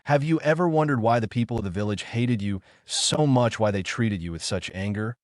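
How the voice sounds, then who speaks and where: A man's voice: mid-range voice, a little fast, no echo, studio quality, close to an everyday voice. A man voicing an arrogant, treacherous male ninja instructor who sneers and gloats, read as a fan story. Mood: gloating.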